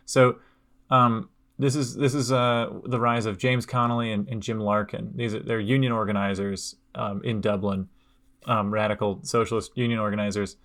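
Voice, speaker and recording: A man hosting a casual history podcast, talking loosely with many fillers and quick laughs. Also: lowish voice, little pitch movement, fairly bright tone. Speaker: podcast host.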